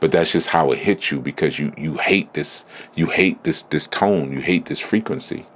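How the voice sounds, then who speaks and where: A man giving a blunt, emphatic spiritual teaching talk in a deliberate, preaching manner. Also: very deep voice, fairly bright tone, a little hiss or hum. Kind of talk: preaching lecture.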